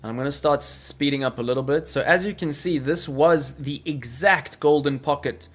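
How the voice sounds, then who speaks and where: A man's voice: a little high, moderate pace, fairly bright tone. A man hosting a live crypto trading stream, talking energetically through charts and answering viewers in chat. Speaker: crypto livestream host.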